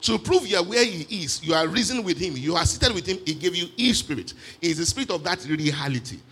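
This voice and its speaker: A man preaching a sermon in an animated way, with frequent exclamations of praise. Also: sits high, fairly quick, breathy edge.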